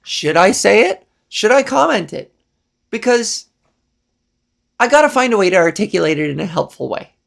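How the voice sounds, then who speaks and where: Comedy podcast host, young adult woman, breathy and exasperated, improvising a rant with plenty of vocal fry. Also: medium pitch, very animated, normal speed, pauses often. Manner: exasperated ranting, breathy put-on delivery.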